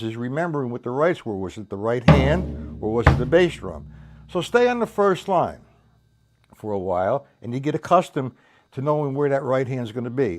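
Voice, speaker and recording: A man's voice: medium pitch, a little mellow. A man teaching drums on a live stream, rambling loosely and counting beats aloud, tired after a night without sleep. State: tired from staying up all night. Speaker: drum teacher. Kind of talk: live-streamed drum lesson. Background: drum kit playing.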